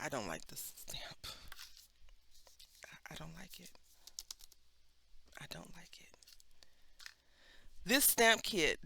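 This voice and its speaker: A woman's voice: low-pitched, dry recording. Chatty Texan woman crafting. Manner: chatty, rambling, animated asides. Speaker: craft vlogger. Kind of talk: casual chat while stamping.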